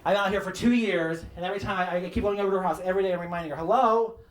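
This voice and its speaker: A man doing a stand-up comedy set, telling campy stories about his mother and mimicking her in a shrill voice, with audience laughter behind him. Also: fairly even intonation, very fast. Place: comedy club stage. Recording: roomy club sound from some distance.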